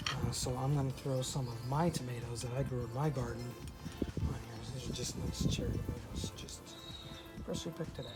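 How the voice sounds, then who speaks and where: Relaxed cooking demo voice over loud music. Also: medium pitch, brisk, low-quality recording. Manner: relaxed, many "uh" fillers and restarts. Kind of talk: casual cooking demonstration. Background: loud background music.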